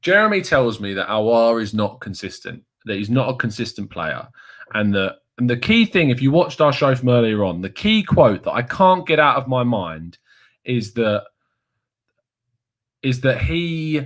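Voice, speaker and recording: Excitable man rambling with laughs. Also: mid-range voice, a little slow. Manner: excitable, laughs often, rambling self-mocking asides. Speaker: football channel host. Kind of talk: excitable live-stream reaction chat.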